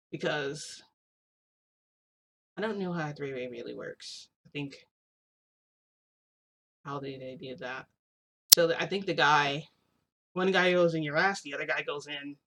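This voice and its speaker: A woman's voice: low voice, expressive, moderate pace, pauses often, a bit bright, slight background noise. A young woman vlogger telling a long personal story in a casual, rambling way, full of "like" and restarts. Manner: rambling, heavy use of "like", frequent restarts.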